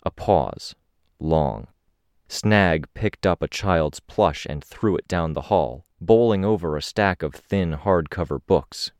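Deep-voiced male audiobook narrator. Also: slow pace, no room sound, clean studio sound. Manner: steady, descriptive first-person reading.

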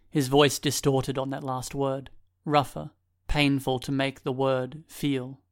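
A male narrator reading fiction aloud at a mid-range pitch. His delivery is measured and even, carrying the story steadily from line to line. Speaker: audiobook narrator. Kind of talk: scripted narration.

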